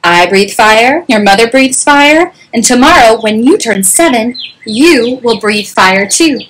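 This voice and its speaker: A proud, stern father dragon from a children's picture book, laying down the law slowly and firmly, as a woman reads him aloud. The voice is a little high, and faint hiss sits underneath. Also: lively intonation, a bit bright, low-quality recording. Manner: slow and emphatic.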